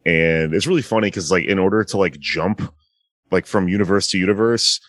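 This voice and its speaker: A man's voice: low-pitched, a little fast, a bit bright, dry recording, clean studio sound. A man casually retelling a movie plot to a friend, rambling with lots of fillers. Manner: rambling, filler-heavy retelling with acted-out quotes. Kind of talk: casual chat.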